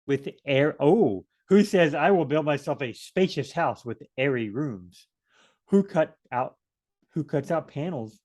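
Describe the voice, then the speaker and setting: A man's voice: fairly high pitch, animated, a little slow, darkish tone. Chatty man leading a Bible study. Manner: chatty, thinks aloud, joking asides. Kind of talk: casual Bible study walkthrough.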